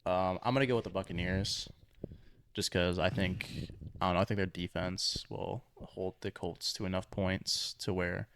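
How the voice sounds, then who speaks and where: A young man co-hosting a casual sports podcast, relaxed with lots of fillers. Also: sits low, normal speed, a little hiss or hum. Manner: relaxed, mumbly filler-heavy. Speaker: podcast co-host.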